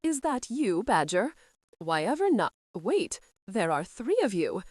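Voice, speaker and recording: A woman narrator voicing a mocking, arrogant young male earl who speaks in a slow, sarcastic drawl. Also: mid-range voice, sing-song, no echo, clean studio sound. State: injured, sore ribs.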